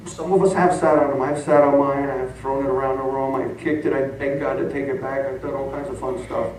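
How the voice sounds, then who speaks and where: A middle-aged male pastor tells stories in his sermon, laughing along as he goes in an animated way. His voice sits at a medium pitch and moves fairly quickly, with slight background noise. It's recorded from far off in an echoey church sanctuary.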